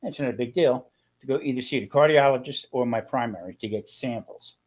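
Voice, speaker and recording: His voice is medium-pitched, brisk and darkish: an older man appearing as a guest on a video call for a casual chat. He tells rambling stories and complains and grumbles along the way.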